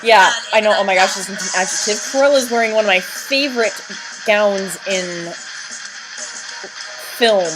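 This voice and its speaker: Excitable woman commenting over music. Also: medium pitch, moderate pace, long pauses, rough recording. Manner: chatty, excitable, fan enthusiasm. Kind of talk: casual video commentary.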